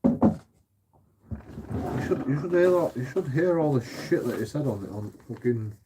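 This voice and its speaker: A man's voice: medium pitch, expressive, brisk, noisy background. A man hosting his channel, ranting casually, swearing freely and laughing often between rambling restarts. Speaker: channel host.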